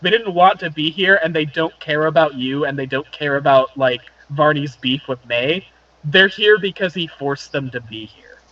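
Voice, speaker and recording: A man's voice: a little high, moderate pace, bright, forceful tone. Rambling man running a tabletop game. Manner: rambling, explanatory, many fillers. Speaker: game master. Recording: dull lo-fi dry sound.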